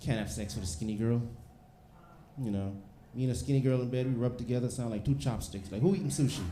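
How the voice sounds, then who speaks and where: A man's voice: mid-range voice, fast. A man doing a stand-up comedy set on a theater stage, telling stories in a brash, punchy way and acting out the other people's lines. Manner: brash, punchy storytelling with acted-out dialogue. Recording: echoey theater room, faint noise. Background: audience laughter.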